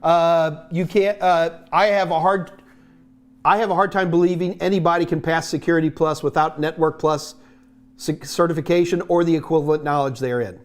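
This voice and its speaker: A man's voice: on the high side, fairly even intonation, normal speed. A man hosting a live stream, answering viewer tech questions in a jokey, rambling way with many restarts.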